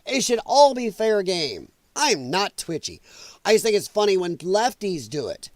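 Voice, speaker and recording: A man's voice: high voice, big pitch swings, measured pace, no room sound. A man hosting a casual livestream, reacting to viewer comments, swearing freely and laughing often. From US Midwest. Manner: loud, profane, laughing often. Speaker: livestream host. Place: home, dog nearby.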